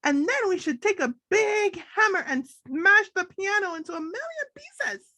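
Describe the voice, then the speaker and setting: A woman voicing Amy, a hot-tempered childlike amygdala character in a storybook, shouting and wailing. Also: very high voice, expressive, a little slow, no echo, voice pushed up, exaggerated voice. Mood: furious.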